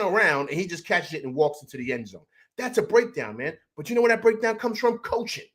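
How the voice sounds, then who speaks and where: A man hosting a postgame football show rants about the game in a heated, rambling way, tripping over repeated words. His voice sits a bit high for a man and swings up and down a lot as he talks. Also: lively intonation, fairly quick, a bit bright. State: upset after a loss. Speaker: sports show host. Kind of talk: emotional postgame sports rant.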